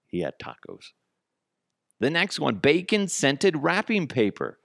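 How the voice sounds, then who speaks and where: A man's voice: on the high side, wildly swooping pitch, a little slow, vocal fry, no room sound, studio quality. A man hosting a podcast, in a casual comic monologue full of swearing and jokey asides. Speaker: podcast host.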